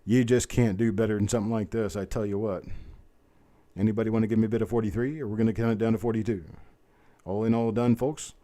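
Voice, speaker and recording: A man with a drawl runs a live coin auction, chanting bids fast and then slowing down for chatty asides. His voice sits low, with a dark, mellow tone. He sounds like a seasoned middle-aged auctioneer. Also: steady tone. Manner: rapid bid-calling chant mixed with folksy chatter. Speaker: auctioneer host. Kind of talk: live online auction calling.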